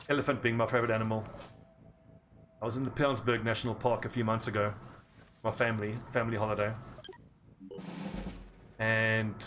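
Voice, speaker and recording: An English South African man chats in a rambling, easygoing way, laughing easily as he wanders from topic to topic. His voice sits at an ordinary male pitch, and a faint hiss lies behind it. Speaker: gaming streamer. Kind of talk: casual chat over gameplay.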